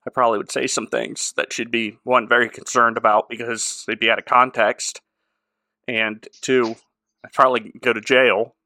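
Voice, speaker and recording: A man's voice: medium pitch, level tone, moderate pace, sharp tone, no echo, studio quality. A man co-hosting a podcast, recapping a show in casual chat and joking around. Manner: jokey, acts out characters in exaggerated voices. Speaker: podcast co-host.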